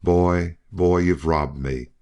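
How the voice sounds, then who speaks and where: A man's voice: deep voice, steady tone, takes it slowly, a little mellow, smooth. A man voicing a massive gray-haired old man who roars with thwarted vengeance in an audiobook western. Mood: wrathful. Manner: roaring, thunderous.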